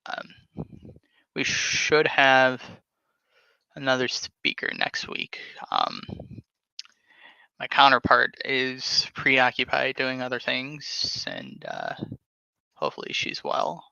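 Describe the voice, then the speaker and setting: A man hosting a podcast, talking casually and haltingly while reading text aloud from his screen. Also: mid-range voice, huge pitch swings, gravelly, pushed and bright, smooth, no echo. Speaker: podcast host. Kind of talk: casual screen-share talk. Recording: dull lo-fi sound.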